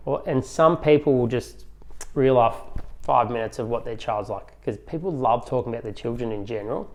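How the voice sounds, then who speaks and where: A man's voice: mid-range voice, fairly quick. A man who runs a photography studio, giving a casual, conversational lesson on client consultations and acting out bits of client dialogue. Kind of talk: instructional talk.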